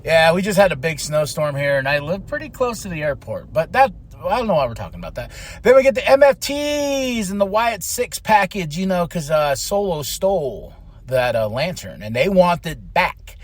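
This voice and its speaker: A man hosting a podcast, recapping in an excited, animated way with hype shouts. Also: a little high, normal speed. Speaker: podcast host. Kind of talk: casual wrestling recap.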